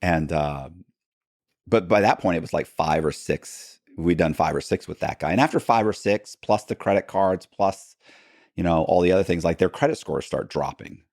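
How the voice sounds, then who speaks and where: Low-voiced man telling a story, dry studio sound. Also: no room sound. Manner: animated, fast retelling with many restarts and "bro". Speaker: podcast guest. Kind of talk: casual anecdotal storytelling.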